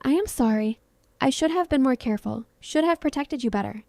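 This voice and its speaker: A woman voicing a powerful, protective male vampire king who speaks sternly and with quiet threat. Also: high-pitched, animated, a little fast, no echo. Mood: anguished.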